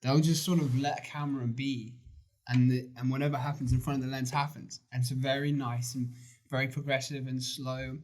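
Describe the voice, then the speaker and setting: A man's voice: mid-range voice, flat delivery, brisk, a little mellow. A man co-hosting a podcast, giving opinionated views in casual chat, with fillers. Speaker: podcast co-host. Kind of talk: casual film review chat.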